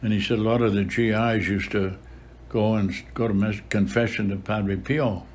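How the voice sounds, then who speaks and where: Very old priest, low voice. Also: male voice, steady tone, a little mellow. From Boston area, USA. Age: about 100. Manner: unhurried storytelling with frequent filler pauses. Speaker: priest, interview guest. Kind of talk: reminiscing in an interview.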